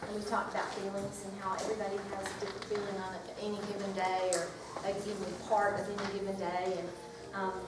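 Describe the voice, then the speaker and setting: A woman's voice: medium pitch, quick pace, hardly any pauses. Chatty woman teacher in an echoey room. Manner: lively, chatty, reads a picture book aloud. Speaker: teacher leading a workshop. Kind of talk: classroom workshop talk. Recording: echoey room from far off with noise.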